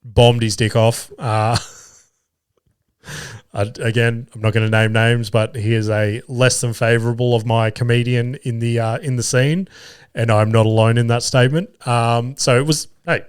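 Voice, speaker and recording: A man's voice: mid-range voice, level tone, moderate pace, clean tone, no room sound, clean studio sound. A man hosting his own podcast, telling home and comedy stories in a casual, sweary way and laughing at himself. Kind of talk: casual solo podcast storytelling.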